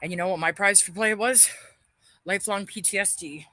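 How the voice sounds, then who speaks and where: Woman ranting on a phone livestream, angry and bitter, swears constantly, sharp voice, dead dry sound. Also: medium pitch, brisk, no echo.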